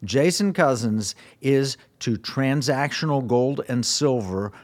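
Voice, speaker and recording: A man's voice: medium pitch, lively intonation, slow. A man hosting a radio talk show, speaking with enthusiasm as he reads quotes aloud and introduces his guest.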